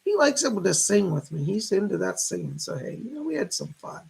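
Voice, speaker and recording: A man in his fifties hosting a casual psychic livestream, chatting warmly with viewers and greeting them by name. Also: high voice, very animated, brisk, vocal fry, slightly rough. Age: 50s.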